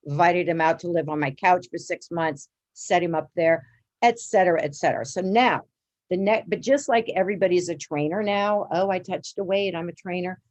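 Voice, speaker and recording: A woman guest in an interview, telling her story in a lively, animated way and acting out the quotes with big jumps in pitch.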